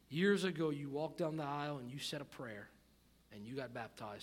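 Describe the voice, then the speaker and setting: A man preaching a sermon, reading scripture aloud and swinging between quiet, low asides and loud, emphatic passages with repeated words for emphasis. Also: normal speed. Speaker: pastor.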